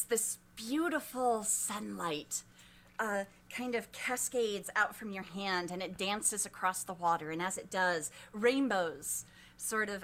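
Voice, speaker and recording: A woman narrating as game master of a tabletop game, describing scenes in an animated storytelling way. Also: medium pitch, a little hiss or hum.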